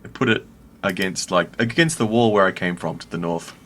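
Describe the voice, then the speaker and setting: A man playing a tabletop game, describing his character's actions and sometimes bellowing loudly in character. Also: low-pitched, brisk. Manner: bursts into loud bellowing when in character. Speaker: player.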